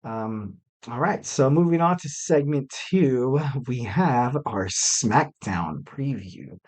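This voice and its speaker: Speaking slowly in an expressive, medium-pitched voice with a darkish tone, a young man runs a solo wrestling podcast. He rambles casually, fills gaps with plenty of fillers, and cracks small jokes about himself.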